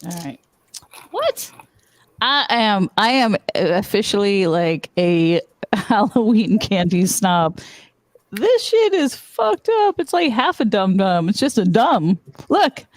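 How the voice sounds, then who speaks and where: A woman's voice: medium pitch, lively intonation, a little slow, dry recording. Chatty, laughing woman on a stream. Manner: chatty, laughing, swears casually. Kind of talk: casual livestream chat.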